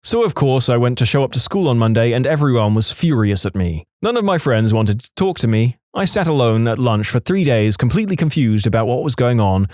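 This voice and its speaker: Male narrator for read-aloud stories: mid-pitched, very expressive inflection, dramatic pauses, dry close-miked booth sound. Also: no echo. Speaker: story narrator. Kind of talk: reading online stories aloud.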